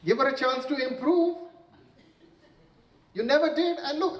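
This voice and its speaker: Stand-up comic, male, fairly high voice, deadpan timing, caught in an echoey venue. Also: distant mic. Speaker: stand-up comedian. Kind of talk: stand-up comedy set. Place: stage in a large room with an audience.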